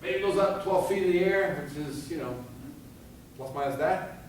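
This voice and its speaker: A man giving a fire safety seminar, animated and firing rhetorical questions at his audience, recorded in a seminar room. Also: fairly high pitch, moderate pace, a little hiss or hum. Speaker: fire escape safety instructor. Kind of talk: seminar lecture. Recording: echoey hall from far off.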